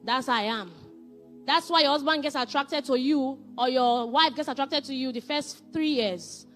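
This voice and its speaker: A woman, giving a faith-based marriage teaching with animated, emphatic repetition. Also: high voice, normal speed, soft background music.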